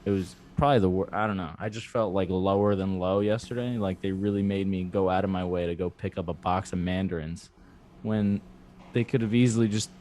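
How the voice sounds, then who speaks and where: A man's voice: low-pitched, fairly even intonation, brisk, darkish tone, slight background noise. Rambling self-deprecating man on a podcast. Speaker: podcast host. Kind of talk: casual chat over video call. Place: cluttered bedroom at home. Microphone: clamp mic on a table.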